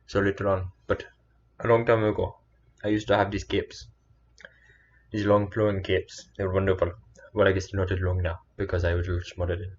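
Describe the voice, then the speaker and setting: A man's voice: deep voice, level tone, brisk, muffled recording, slight background noise. A man telling a personal story in a meandering, earnest way, often correcting himself. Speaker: storyteller vlogger.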